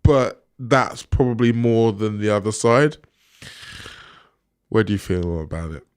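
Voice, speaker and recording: A man with a very low voice hosts a casual football podcast, recorded with a dry, close sound. He lays out each topic in a measured, steady way. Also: smooth, no room sound. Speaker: podcast host.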